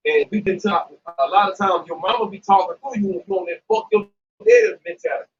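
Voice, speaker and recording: A man laying out scripture to friends in a blunt, preachy way, with swearing mixed in. His voice runs high and swoops around. The recording is distant and dull, with faint noise behind him. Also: fast. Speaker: Hebrew Israelite member discussing scripture. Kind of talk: casual religious discussion.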